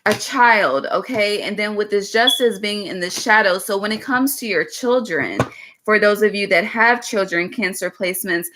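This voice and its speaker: Woman, tarot reader, bright clear tone, casual, blunt, cussing, says "okay" a lot. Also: mid-range voice. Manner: chatty, frank, peppered with "baby" and "okay" and cussing. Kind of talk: casual tarot reading monologue.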